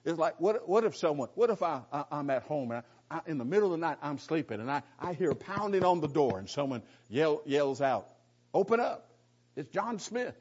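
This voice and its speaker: A middle-aged man leads a conversational Bible lesson, his voice sitting a little high for a man. He hammers home key phrases and fires off rhetorical questions, often restarting mid-sentence. The recording sounds dull and lo-fi. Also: expressive, brisk, hardly any pauses, a little mellow, breathy edge. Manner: emphatic, repeats phrases, asks rhetorical questions; restarts sentences, folksy asides. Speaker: Bible teacher.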